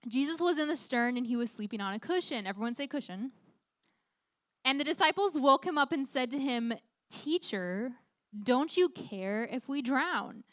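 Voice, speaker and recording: A woman's voice: fairly high pitch, pushed and bright, no echo, studio quality. A young woman leading a youth group Bible talk, upbeat, often putting questions to the teens. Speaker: youth leader.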